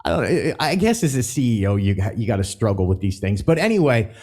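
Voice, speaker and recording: A man's voice: mid-range voice, sing-song, fairly quick, darkish tone. Chatty man rambling through park news. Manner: chatty, rambling, stumbles when reading announcements aloud. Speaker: theme park news vlogger. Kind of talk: casual news chat.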